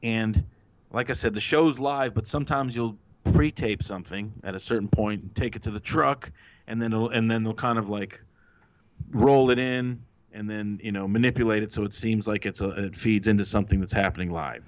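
Guy telling backstage stories on a podcast, swears a lot, pops his voice up for quotes, kinda dull lo-fi audio. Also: brisk. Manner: animated, acts out quotes with raised pitch, swears freely. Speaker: former wrestling writer, interview guest. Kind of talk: casual storytelling interview. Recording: muffled lo-fi audio.

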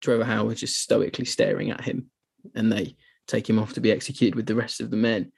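Brief: man, podcast co-host, husky voice, eager and animated. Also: lowish voice, fairly quick. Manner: enthusiastic, animated when retelling scenes. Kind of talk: casual podcast chat.

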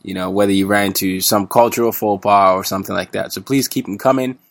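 Podcast host, male, low voice, loose casual delivery, dry close sound. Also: quick pace, creaky, dry recording. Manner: relaxed, rambling with fillers.

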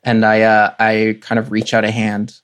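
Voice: medium pitch, monotone, moderate pace. A player talking casually about their moves in a tabletop game, wry and chatty with lots of filler words.

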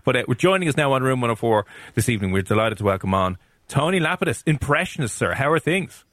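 A man co-hosts a radio podcast with a teasing, jokey manner. His voice sits at an ordinary mid pitch, recorded close and dry in the studio. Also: big pitch swings, fast talker, a bit bright, dry recording. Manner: joking, teasing, mock-ranting. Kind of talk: casual banter and interviewing.

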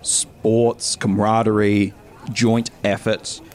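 A man, a player describing his character, speaking thoughtfully with halting restarts. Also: lowish voice, flat delivery, a little mellow. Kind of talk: discussing and narrating a tabletop game.

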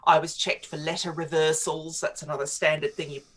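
Chatty low-voiced woman, digressive. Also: level tone, brisk. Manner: chatty, digressive, laughs often. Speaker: guest writer. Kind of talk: radio talk interview.

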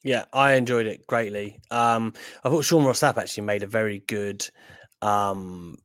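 A man co-hosting a casual wrestling chat, animated and jokey, with bursts of mock indignation. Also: lowish voice, moderate pace, clear, resonant tone, no room sound. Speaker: podcast co-host.

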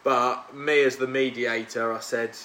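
Bright-voiced man telling pub stories. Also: mid-range voice, level tone, unhurried, a little hiss or hum. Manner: chatty storyteller, acts out quotes. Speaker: podcast host. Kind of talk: casual chat with mates.

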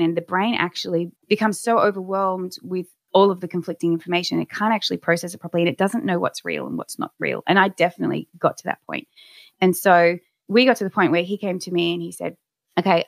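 A woman with a low-pitched voice recounts her own experiences in a candid, reflective way, often restarting her sentences. The sound is dry and close, with no room echo. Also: fast, gravelly. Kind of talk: personal storytelling.

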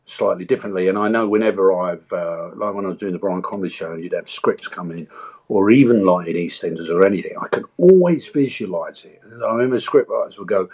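An older man tells stories in a relaxed interview, leaping into the voices of the people he quotes. His voice sits low and has a husky edge. He talks in a lively, playful way. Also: quick pace. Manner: animated storyteller, acts out voices and quotes. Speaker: actor and entertainer, guest. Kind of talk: casual interview chat.

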